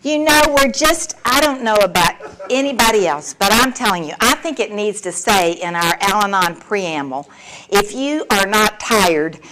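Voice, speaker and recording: A woman's voice: mid-range voice, lively intonation, moderate pace, sharp tone, rough recording. A woman in her sixties sharing her personal story at a recovery meeting, candid and wry, laughing often as she talks. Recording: recording with clear background noise.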